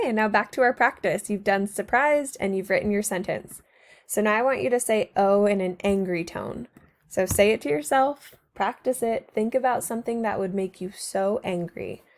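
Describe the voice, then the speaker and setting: A woman teacher narrating a recorded slideshow lesson to her students, patient and encouraging, speaking to them directly. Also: mid-range voice.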